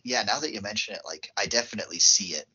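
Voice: sits low, fast, bright, forceful tone, breathy edge, muffled recording. A podcast co-host casually recapping a film plot, laughing often.

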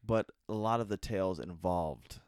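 A man with a very low voice hosts a casual talk, retelling folk tales loosely. He swears freely and often laughs. The recording is dry and close. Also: normal speed, darkish tone, clean tone, no room sound. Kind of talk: casual chat and storytelling.

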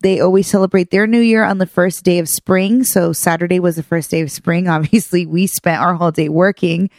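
A woman's voice: lowish voice, brisk, dry recording, clean studio sound. A woman co-hosting a casual podcast, telling family stories with lots of laughter. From Persian family. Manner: laughing often, animated storytelling. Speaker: podcast co-host. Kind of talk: casual chat.

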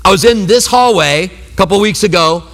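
A male pastor gives a sermon in a loose, conversational way. He acts out his reactions with humor as he tells stories. His voice sits high and bright, and it rings with the long reverb of a big church hall. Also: moderate pace. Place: church sanctuary.

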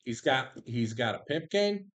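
A man narrating a tabletop role-playing game as game master, animated and quick to laugh. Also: medium pitch.

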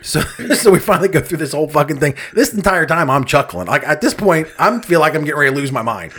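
Animated man telling a profane story. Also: fairly high pitch, fast, hardly any pauses. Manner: profane, exasperated, laughs while telling; acts out other people's lines. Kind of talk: casual comedic storytelling.

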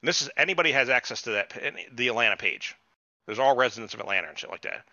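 A man's voice: mid-range voice, lively intonation, rapid-fire, bright, forceful tone, no room sound. A man hosting a podcast, chatting casually and ranting with lots of swearing. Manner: profane, ranting, mocks people with put-on quotes. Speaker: podcast host. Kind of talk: casual chat reviewing a TV show. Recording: dull lo-fi podcast audio.

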